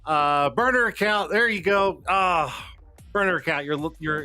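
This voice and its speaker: A man's voice: sits high, lively intonation, a little slow, bright, forceful tone. Flustered cussing livestream host, man. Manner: rambling, cussing, self-deprecating, jokey; flustered, talking to himself while fixing tech. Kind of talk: casual live-stream chat. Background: faint background music.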